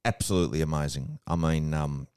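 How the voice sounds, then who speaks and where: A man's voice: extremely low pitch, brisk, darkish tone, smooth, no room sound, studio quality. An Australian man hosting a podcast, chatty and rambling with a jokey streak. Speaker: podcast host. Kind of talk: casual interview chat.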